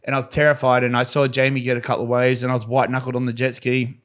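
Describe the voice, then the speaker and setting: A man guest on a podcast, telling his stunt stories in a casual, animated way and acting out the voices of the people in them. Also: mid-range voice, rapid-fire. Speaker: podcast guest, freestyle motocross rider. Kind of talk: casual storytelling.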